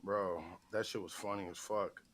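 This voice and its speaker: A man's voice: on the low side, fairly even intonation, moderate pace, fairly bright tone. Man rambling casually with profanity. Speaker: podcast co-host. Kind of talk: casual chat.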